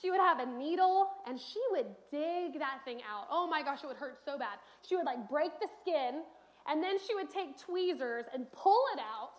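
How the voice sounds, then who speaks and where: In a church sanctuary, a young woman delivers a sermon, recounting stories with earnest feeling and a conversational habit of fillers. Her voice is high with a fairly bright tone.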